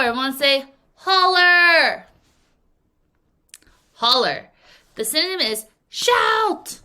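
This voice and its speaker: A woman teacher walks young learners through vocabulary, her voice bright and ringing. She swings her pitch up and down as she acts out each example with playful drama. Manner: laughs often at her own acting. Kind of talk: recorded vocabulary lesson for young students.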